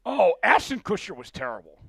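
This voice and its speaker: A man hosting a live sports stream, calling plays and shouting when his team scores. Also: high voice, brisk, vocal fry, husky, no room sound. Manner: excitable, shouts big plays. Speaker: livestream sports host. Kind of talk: live play-by-play watch-along.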